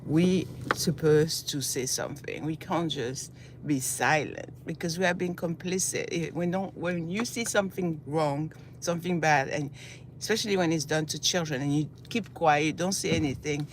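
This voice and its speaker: Heading to work along a busy city street, this woman, born in Senegal and raised in southern France, records a passionate commentary vlog at a moderate pace. Her deep voice is still groggy from waking, and she lays out her arguments in repeated lists over traffic noise.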